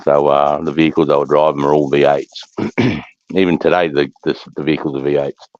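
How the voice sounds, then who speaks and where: A man's voice: rumbling low, flat delivery, brisk, a little mellow, dry recording, highs cut off. An Australian man hosting a livestream, chatting casually in a blunt, sweary, rambling way. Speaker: livestream host. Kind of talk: casual chat.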